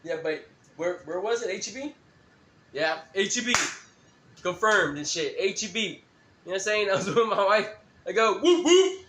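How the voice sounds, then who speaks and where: A man's voice: high voice, moderate pace, pauses often, echoey room, noisy background. A man rambling through a profane, laugh-filled story on a live stream.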